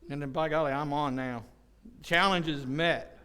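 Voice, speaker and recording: High, clear-voiced joking preacher man. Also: fairly even intonation, normal speed, pushed and bright. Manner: joking, folksy storytelling with acted-out quotes. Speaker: pastor. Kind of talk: casual conversational sermon. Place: church service.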